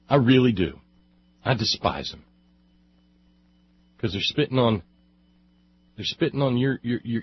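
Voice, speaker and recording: A man hosts a talk radio show, his voice husky and a bit breathy, heard over slightly dull broadcast sound. He rants about politics with sarcastic scorn, doubling back on himself as he goes. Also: medium pitch, no room sound. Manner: sarcastic, scornful, rambling with restarts. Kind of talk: angry political commentary.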